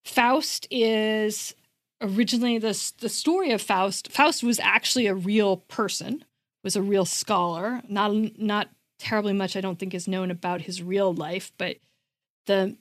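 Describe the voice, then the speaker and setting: A woman's voice: medium pitch, fairly even intonation, unhurried, no room sound. A woman co-hosting a podcast in casual discussion. She talks emphatically, repeats herself for stress and says "like" often. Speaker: podcast co-host.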